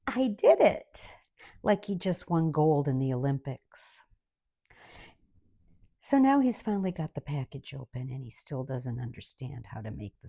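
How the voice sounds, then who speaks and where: A woman's voice: deep voice, creaky, warm tone, husky, dry recording, clean studio sound. An older woman telling an exasperated, sarcastic comic story in a monologue.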